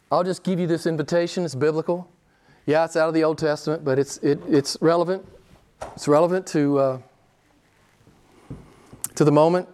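A man's voice: fairly high pitch, a little mellow. A man preaching a sermon to a small group, emphatic, repeating his key phrases and asking rhetorical questions. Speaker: pastor.

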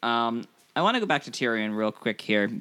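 Smooth-voiced man asking questions. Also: mid-range voice, big pitch swings, bright, forceful tone, dry recording. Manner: questioning, laughs often, halting with fillers. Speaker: podcast host. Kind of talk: casual chat.

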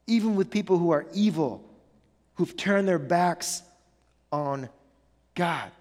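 A man in his thirties preaching a sermon as pastor, animated and conversational, full of rhetorical questions. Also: sits high, slow pace, pauses often. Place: church sanctuary. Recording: church hall with long reverb.

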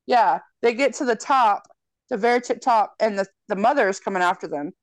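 Her voice sits a little high and moves a little fast on a dry recording. As a podcast co-host, she casually recaps a movie plot, cursing often and acting out quotes with lively, profane energy.

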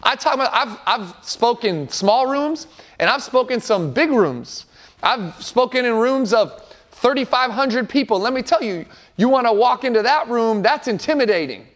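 A male pastor around forty delivers a sermon in a fairly high voice. He speaks earnestly and with emphasis, building his points through repeated phrases. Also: lively intonation, normal speed.

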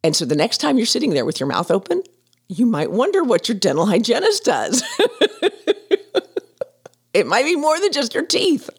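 A woman's voice: on the high side, huge pitch swings, moderate pace, pauses often, slightly rough. A middle-aged woman, chatting and telling a story as a podcast host, often laughing. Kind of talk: casual storytelling.

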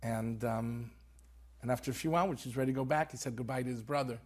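A man's voice: mid-range voice, fairly quick, a little mellow. A man, an author and rabbi, telling a story earnestly in conversation and peppering it with Hebrew terms. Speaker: author guest.

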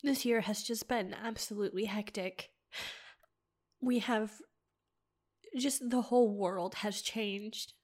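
A young woman hosting a personal podcast alone at home, talking in halting, emotional bursts with restarts and sighs. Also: medium pitch, fairly even intonation, a little mellow. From United States. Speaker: podcast host.

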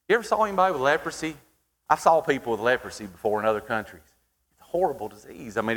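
Male preacher, high voice, dramatic pauses; sermon in a reverberant church hall. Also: fairly bright tone.

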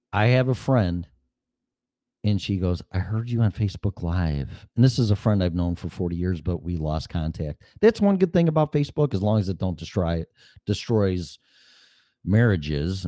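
Lively, low-voiced man rambling on a podcast. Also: no room sound, clean studio sound. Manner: rambling, profane, casual. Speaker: podcast host. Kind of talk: solo podcast monologue. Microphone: studio mic with mixer.

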